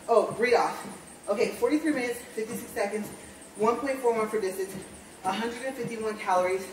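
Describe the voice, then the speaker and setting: In a casual walk-and-talk vlog, a woman with a mid-range voice strides on a treadmill in a room at home, breathless and rambling as she keeps correcting herself. Slight background noise sits under a roomy, distant recording.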